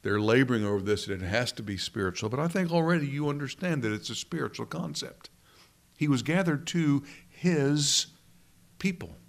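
A male preacher delivering a sermon, talking it through with his listeners and posing questions. He speaks at an ordinary pitch and pace. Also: expressive, moderate pace, gravelly. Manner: conversational teaching with rhetorical questions.

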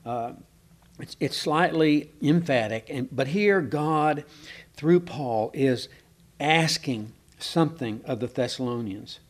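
A man teaching a Bible passage in a relaxed, conversational way, often pausing with fillers and asking his listeners questions. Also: medium pitch. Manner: conversational, asks the room questions, hesitant with many fillers. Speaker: preacher. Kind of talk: informal Bible teaching to a small congregation.

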